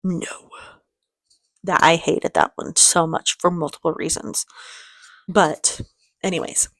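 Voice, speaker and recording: A woman's voice: fairly low pitch, steady tone, takes it slowly, fairly bright tone, dry recording. A woman hosting a reaction video, talking in a chatty, rambling way with easy laughter and sounding emotional, close to tears. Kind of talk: casual reaction chat.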